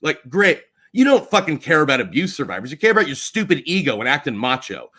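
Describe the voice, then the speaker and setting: An angry man on a livestream, swearing and swinging between low mutters and shouts. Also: very animated, fast talker. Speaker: streamer. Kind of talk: heated livestream rant.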